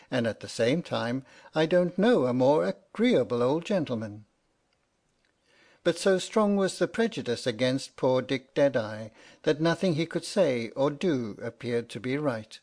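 A man reads a storybook aloud in a steady, wry narrating voice. His pitch sits in an ordinary middle range for a man, and his delivery is even and well paced. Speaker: audiobook narrator. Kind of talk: scripted narration.

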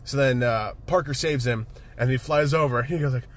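A man casually retelling a movie with excitement, swearing freely and laughing often. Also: mid-range voice, brisk. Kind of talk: casual chat, movie recap.

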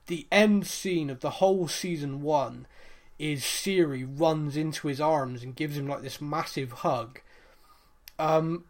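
A man co-hosting a casual podcast, talking through a series in a loose, rambling way. His voice sits a little high, and he fills his retelling with ums and quoted lines. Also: slow. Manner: animated, rambling retelling with fillers and acted-out quotes. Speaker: podcast co-host. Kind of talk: casual chat recapping a TV series.

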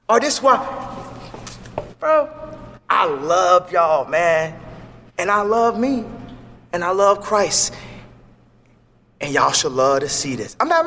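Impassioned high-voiced man. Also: big pitch swings, moderate pace, pauses often, a bit bright, long reverb tail, slight background noise. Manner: preachy, impassioned, rambling. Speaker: interview guest. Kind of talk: animated interview talk.

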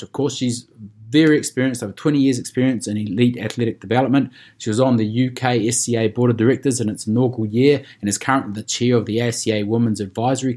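A man with a husky voice hosts a podcast and rattles through sponsor lines and guest introductions at a brisk clip. His delivery is upbeat and chatty, pitched at a middle height. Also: a little mellow. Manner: fast, upbeat, reads ad copy and guest bios. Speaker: podcast host.

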